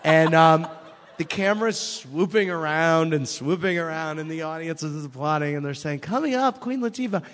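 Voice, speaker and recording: A man, an author guest, chatting casually and telling animated stories that act out what people said. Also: fairly high pitch, moderate pace, in a large hall, slight background noise. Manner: animated storyteller, acts out quotes. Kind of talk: casual chat.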